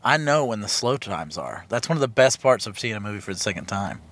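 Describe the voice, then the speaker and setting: A man co-hosting a casual comedy podcast, joking in a dry, crude, deadpan way. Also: fairly low pitch, fast talker. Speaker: podcast co-host.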